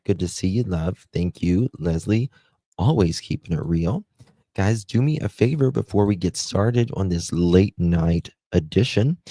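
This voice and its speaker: A man from the United States with a Southern American accent, hosting a casual live stream, chatting with viewers and reading their comments aloud with plenty of "um" pauses. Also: sits low, warm tone, no room sound. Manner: chatty, self-deprecating, many "um" pauses. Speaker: livestream host.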